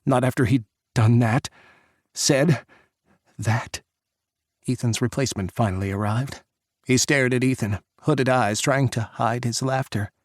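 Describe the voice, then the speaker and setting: A man narrating an audiobook in measured, dramatic storytelling. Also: medium pitch, dry recording, clean studio sound. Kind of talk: scripted narration.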